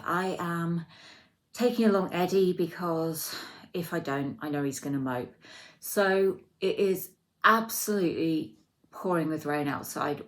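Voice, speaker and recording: A woman, a food vlogger, chatting casually and self-deprecatingly to camera. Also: fairly low pitch. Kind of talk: casual vlog narration. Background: background music.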